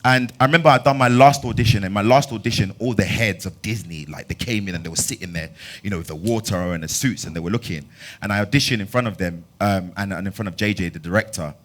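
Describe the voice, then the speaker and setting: In his twenties and from London, this actor gives a storytelling talk at a master class, speaking fast in a fairly low voice with a London accent. He's an animated storyteller who acts out dialogue, breaking into bursts of loud laughter.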